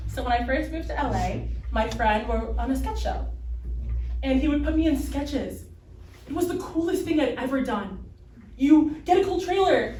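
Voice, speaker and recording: A woman reading first-person stories aloud in a readers theater performance, wry and unhurried, heard from a distant mic on a roomy stage. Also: high-pitched, warm tone, slight background noise.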